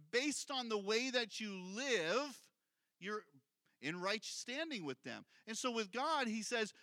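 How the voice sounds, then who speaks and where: Bright high-voiced male preacher. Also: dry recording. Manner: conversational preaching, repeats key points, asks the congregation questions. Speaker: pastor. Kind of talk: sermon.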